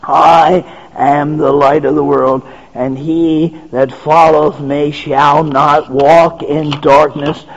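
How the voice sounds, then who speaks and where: A man's voice: fairly high pitch, level tone, takes it slowly, hardly any pauses, slight background noise. A man preaching a sermon with an emphatic, repetitive cadence, drawing out phrases and quoting scripture. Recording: dull sound with long reverb in a hall.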